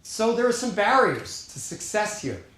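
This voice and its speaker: A middle-aged man with a New York accent giving an earnest, emphatic keynote speech at a conference, pausing deliberately for weight. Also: high-pitched, very animated, a bit bright. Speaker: keynote speaker. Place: conference hall on stage. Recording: echoey conference hall.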